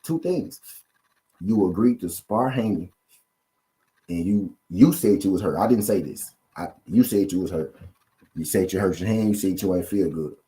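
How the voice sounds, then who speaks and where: A man's voice: low-pitched, lively intonation, moderate pace, dark tone. A man hosting a boxing channel, giving a casual, repetitive commentary rant full of rhetorical questions to his viewers.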